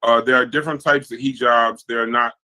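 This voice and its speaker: A man's voice: mid-range voice, fairly quick, low-quality recording. A man hosting a podcast debate, reading viewer comments from the chat and jumping between points. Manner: animated, reads chat comments aloud. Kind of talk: heated casual debate.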